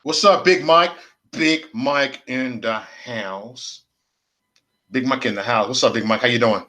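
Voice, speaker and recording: A man riffing live to his chat. He circles back over the same phrases again and again, loose and slangy, with plenty of cursing. His pitch sits right in the middle for a man. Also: unhurried, bright, forceful tone. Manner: rambling, repetitive, slangy and profane. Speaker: livestream host. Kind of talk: casual livestream rant.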